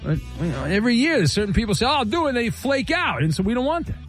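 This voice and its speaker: Male talk radio host, high voice, brisk and teasing, faint music bed. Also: big pitch swings. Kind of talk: casual sports-talk radio banter.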